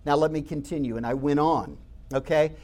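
A man's voice: fairly high pitch, a little fast, a little mellow. A man telling stories in a conversational way, speaking straight to his listeners and acting out the voices he quotes. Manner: conversational, addresses listeners directly. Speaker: speaker recounting campus talks. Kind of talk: animated storytelling talk.

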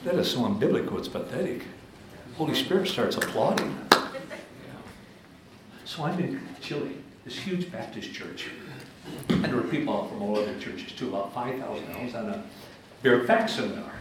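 A man giving a church seminar talk, telling stories with animated, emphatic swings into high excited tones. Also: normal speed, long pauses. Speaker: guest speaker at church seminars. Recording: very echoey hall with faint room noise.

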